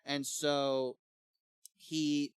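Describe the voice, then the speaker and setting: A young man co-hosting a casual book club podcast, talking in a relaxed, rambling way and laughing often. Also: a little high, very slow, clear, resonant tone, no room sound, studio quality. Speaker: podcast co-host.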